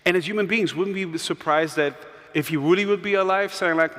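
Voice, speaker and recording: A man's voice: sits high, fairly quick, a bit bright. A man moderating on stage, chatty and full of "like" and restarts. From Germany. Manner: chatty, filler-heavy, with restarts and "like". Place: large trade-fair hall. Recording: hall reverb from the stage mic.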